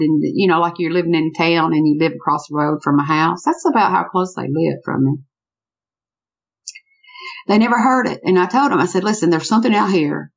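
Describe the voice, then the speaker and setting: A woman telling a true story about a strange encounter in a lively, conversational way, often repeating "I said" as she acts out what people told each other. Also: lowish voice, muffled recording.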